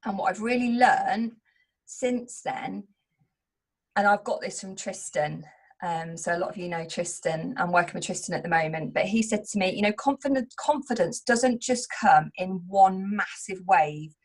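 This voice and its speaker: A woman's voice: mid-range voice, moderate pace. Middle-aged woman, team leader, honest and open, talks straight to her people. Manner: open and earnest, speaking in a confessional tone. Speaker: home business owner and team leader. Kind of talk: candid motivational talk.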